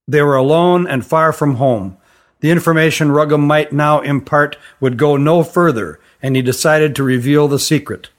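A male narrator reading a fantasy novel aloud in a steady, deliberate way. His voice sits somewhat higher than most men's. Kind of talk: scripted audiobook narration.

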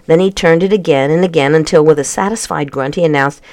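An audiobook narrator reading a children's novel in an even, measured way. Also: mid-range voice. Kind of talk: scripted narration.

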